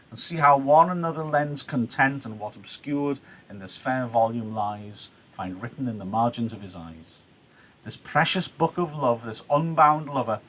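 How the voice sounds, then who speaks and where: A man's voice: medium pitch, fairly bright tone, natural voice. A male teacher reading the part of a formal, pushy noblewoman mother, declaiming old verse lines.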